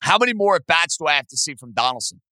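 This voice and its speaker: A man's voice: fairly high pitch, very animated, fast talker, pushed and bright, dry recording, low-quality recording. A man hosting a sports talk show, ranting angrily with sarcasm at his team's owners. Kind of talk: sports talk podcast rant.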